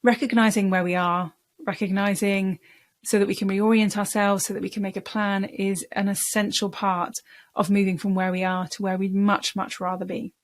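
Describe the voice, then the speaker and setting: A woman's voice: mid-range voice, little pitch movement, moderate pace. A woman speaking coach giving a lesson, explaining in a conversational way and repeating words for emphasis. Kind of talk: talking-head coaching lesson.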